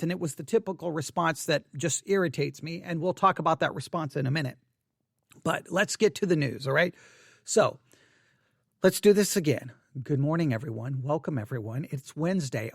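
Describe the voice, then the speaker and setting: Breathless preacher, flustered. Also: male voice, on the high side, gravelly, fairly bright tone, no echo, studio quality. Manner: flustered, rambling restarts. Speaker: Baptist preacher commenting on news. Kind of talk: off-the-cuff news commentary. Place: church building. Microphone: desk microphone.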